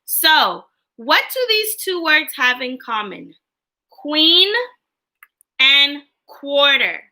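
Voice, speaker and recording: A woman teaching a livestreamed phonics lesson to young children, in a slow, sing-song way. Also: sits high, big pitch swings, pushed and bright. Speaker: kindergarten teacher.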